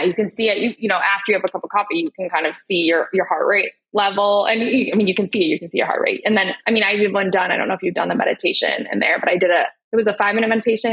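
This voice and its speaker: A woman in her thirties, a guest chatting in a casual, rambling, animated way during an interview. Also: mid-range voice, husky, poor audio. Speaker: guest, nonprofit CEO.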